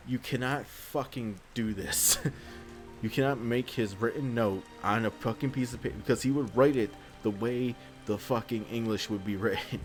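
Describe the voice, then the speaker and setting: A man hosting a game playthrough, ranting in an exasperated, rambling way and swearing often. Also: fairly low pitch. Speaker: let's play host. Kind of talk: gameplay commentary, ranting.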